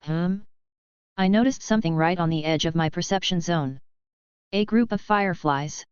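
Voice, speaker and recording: Woman reading an audiobook, even steady delivery, super smooth clean voice, kinda low, dull dry sound. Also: moderate pace, no room sound. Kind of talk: audiobook narration of a web novel.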